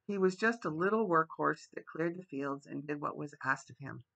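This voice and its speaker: A man reading the part of a shy young farmhand speaking plainly and haltingly in a storybook. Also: a little high, expressive, vocal fry, a bit bright, full character voice. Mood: earnest. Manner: hesitant, rustic speech.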